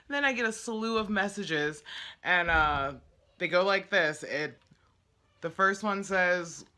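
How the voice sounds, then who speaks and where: Bright-voiced woman telling stories. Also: on the low side. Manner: chatty, animated, exasperated retelling. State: slightly worn voice from karaoke. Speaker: vlogger. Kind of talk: casual storytelling vlog.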